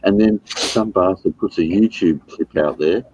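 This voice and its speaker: A man's voice: deep voice, a little slow, a little mellow, slightly rough, no room sound, muffled recording. An Australian man chatting casually, blunt and rambling, swearing freely. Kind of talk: casual chat.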